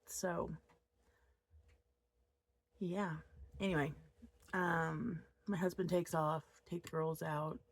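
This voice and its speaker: A woman in her thirties talks casually to her camera from a home office, rambling from one thought to the next. Her voice sits on the low side with a gravelly, creaky texture, and she sounds openly upset. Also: steady tone, takes it slowly, long pauses. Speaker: crochet vlogger.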